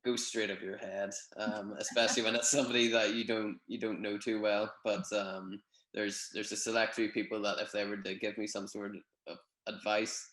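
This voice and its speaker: A young man from Northern Ireland with a Northern Irish accent, chatting in a relaxed, rambling way with many fillers on a video call. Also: on the low side, moderate pace, reverberant, rough recording. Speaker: guest, gymnast. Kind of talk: casual interview over video call.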